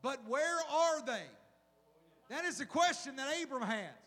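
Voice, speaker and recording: High-voiced preaching man, echoing hall. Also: measured pace. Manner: animated preaching with rhetorical questions. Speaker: pastor. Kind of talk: sermon. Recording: long hall reverb.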